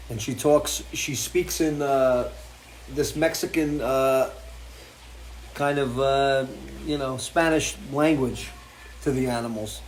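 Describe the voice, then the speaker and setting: Male host, casual and crude porch chat, mid-pitched, faint background ambience. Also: darkish tone, a little hiss or hum. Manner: crude, joking, talks to his dogs. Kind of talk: casual live-stream chat. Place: home porch.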